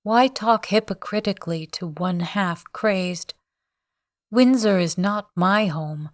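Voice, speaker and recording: A woman's voice: medium pitch, slow, no echo, clean studio sound, natural voice. A woman reading the part of a grief-maddened old man, bitter and raving, in a storybook reading. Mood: bitter scorn. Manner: anguished, bitter, raving cries.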